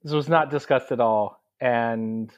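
A man in his thirties co-hosting a podcast in casual chat, halting and often repeating his words. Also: mid-range voice, dull audio. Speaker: podcast co-host.

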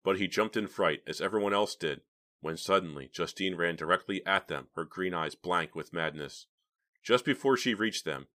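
A man narrating a horror novel as an audiobook reader, in steady, dramatic storytelling. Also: deep voice. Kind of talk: scripted narration.

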